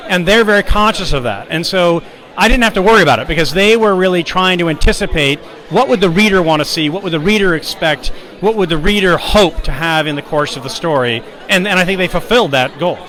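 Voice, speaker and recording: A man's voice: high-pitched, fairly bright tone, low-quality recording. A man, the author of the novel, giving a thoughtful red carpet interview outdoors at a premiere. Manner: thoughtful, measured, listing qualities one after another.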